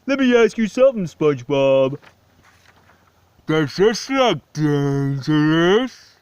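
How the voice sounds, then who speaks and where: Guy doing a dopey slow cartoon starfish, swoopy voice, dull lo-fi sound. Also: on the high side, sing-song, a little mellow, smooth, dry recording. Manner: dopey, slow, sing-song. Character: dim-witted, goofy male starfish.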